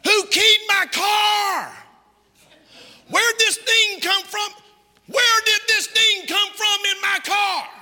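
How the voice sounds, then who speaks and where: A man voicing a shrill, nagging wife who shrieks and scolds her husband, with long hall reverb. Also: steady tone, fast talker, hardly any pauses. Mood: scolding shriek.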